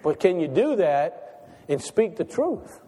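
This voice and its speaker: A man with a high voice preaches in a relaxed, folksy manner, peppering his sermon with rhetorical questions. His words ring out with the long reverb of a large church hall. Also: slow, slightly rough. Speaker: pastor.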